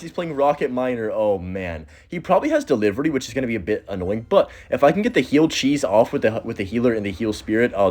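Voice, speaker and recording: Young male gaming YouTuber, quick chatty play-by-play, lively pitch that swings up when excited. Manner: excitable, chatty, talks to viewers as "guys" and "bro". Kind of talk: live gameplay commentary.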